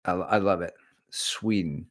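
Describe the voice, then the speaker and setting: A middle-aged man with a deep, low voice hosts a running livestream. He talks candidly and rambles, cracking jokes as he moves from one thing to the next. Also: a little slow. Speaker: running channel host. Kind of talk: casual livestream chat.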